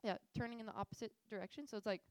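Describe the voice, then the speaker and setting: A young woman with a fairly high voice speaks very fast, giving a casual yet earnest faith talk to a group as a missions speaker. She tells animated stories packed with fillers, and the rough recording has no room sound.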